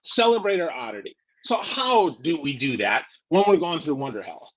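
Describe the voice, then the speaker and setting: A man's voice: on the high side, very animated, normal speed, fairly bright tone, husky. A male podcast host speaking in a casual, upbeat and self-deprecating way during an interview. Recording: dull lo-fi sound.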